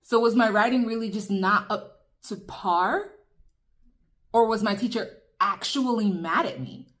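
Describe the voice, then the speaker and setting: A woman's voice: mid-range voice, a little slow, a bit bright. A young woman telling viewers an emphatic, chatty story over a meal in a casual vlog. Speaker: vlogger. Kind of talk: casual storytime while eating.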